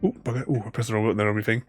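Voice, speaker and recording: A man with a lowish voice and darkish tone streams a game, giving casual commentary. He chats with viewers in a loose, rambling manner, chuckling as he goes, while faint game music plays.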